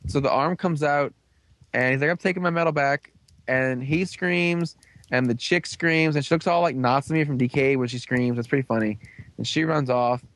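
Rambling young man recapping casually. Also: mid-range voice. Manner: rambling, filler-heavy retelling with quick put-on character voices. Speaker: podcast host recapping a show. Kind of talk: casual chat.

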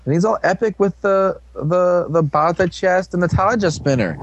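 Over a noisy background, with the highs cut off, a young man co-hosting a podcast recaps a show episode. His voice sits high and moves at normal speed as he rambles, jokes and puts on silly voices for the characters.

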